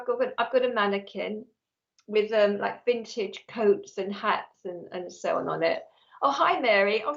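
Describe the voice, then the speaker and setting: A live-streaming psychic medium, this woman has a mid-range, creaky voice. Chatty and affectionate, she reads out messages from her viewers, recorded on earphones with a mic in slightly dull lo-fi stream audio.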